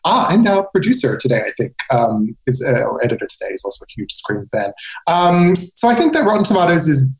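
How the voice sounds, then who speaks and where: A man's voice: a little high, sing-song, fairly quick. Man talking in a roomy space. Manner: chatty, opinionated, with fillers. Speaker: guest film editor. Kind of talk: casual podcast chat.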